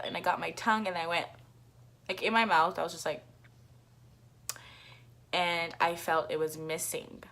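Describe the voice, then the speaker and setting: A woman's voice: on the low side, fairly even intonation, a little slow, fairly bright tone. A woman vlogger telling a casual storytime, rambling and profane, with constant filler words and an occasional cough. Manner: coughs now and then.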